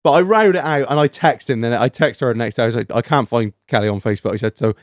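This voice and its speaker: A man telling an embarrassing story on a podcast in a sweary, laughing, animated way. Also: mid-range voice, fast talker, no echo, studio quality. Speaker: podcast co-host. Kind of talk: casual storytelling chat.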